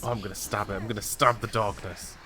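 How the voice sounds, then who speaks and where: A man's voice: lowish voice, steady tone, fast, a crowd in the background. A man streaming a video game, chatting casually and joking as he reacts aloud to what happens on screen. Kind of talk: casual gaming chat. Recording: live stream with faint noise.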